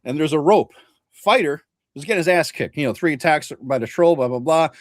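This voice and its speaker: A middle-aged man, a regular host and game master, telling a story in casual chat, swearing often and switching into animated quoted voices. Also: fairly high pitch, fairly quick, dry recording, studio quality.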